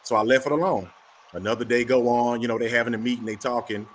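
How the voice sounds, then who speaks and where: Brisk male talker who acts out every voice in his stories; mid-range pitch, faint noise behind. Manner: animated storyteller acting out both sides of a dialogue. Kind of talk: casual chat.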